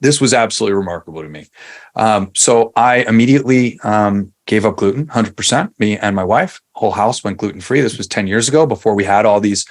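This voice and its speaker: A man in his forties from Long Island, New York, telling his story as a podcast guest in a relaxed, chatty way with plenty of fillers and restarts. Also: lowish voice, brisk. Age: 40s. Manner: conversational, many fillers and restarts. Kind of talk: casual interview storytelling.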